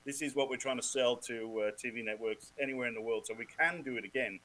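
A man from Wales, a guest on a sports podcast, telling lively stories, swearing freely and laughing often. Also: mid-range voice, fast, slight background noise, poor audio. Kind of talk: casual chat.

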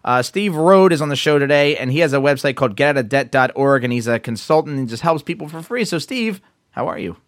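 A man's voice: fairly high pitch, expressive, fast talker, no echo, clean studio sound. A man with a New Jersey accent co-hosting a casual podcast, chatty and laughing as he tells stories. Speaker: podcast co-host.

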